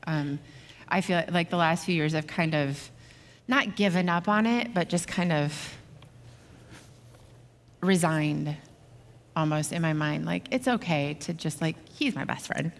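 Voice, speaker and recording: A middle-aged woman co-preaching with her husband, telling a personal story in a candid, halting way with many fillers. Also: low-pitched. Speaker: pastor's wife, co-speaker. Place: church auditorium. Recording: reverberant hall.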